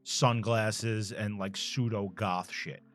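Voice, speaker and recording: A man's voice: lowish voice, fairly even intonation, takes it slowly, faint music behind. A man co-hosting a retro video game playthrough, chatting casually with crude jokes and frequent laughter. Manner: joking, crude, laughs often. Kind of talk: casual gaming chat.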